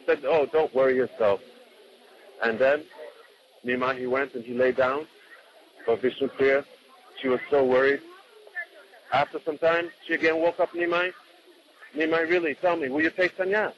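A man's voice: on the high side, normal speed, pauses often, muffled recording, slight background noise. A man telling a devotional story off the cuff, often repeating words and acting out what the people in it said. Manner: unscripted, repeats words, acts out quotes.

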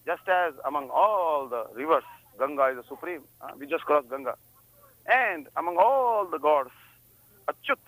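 A man's voice: fairly high pitch, pushed and bright, no echo, poor audio. A man giving a spiritual discourse, telling stories and often checking in with listeners with a questioning "hmm?". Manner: storytelling, frequent "hmm?" prompts to listeners. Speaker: religious speaker. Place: on a pilgrimage journey.

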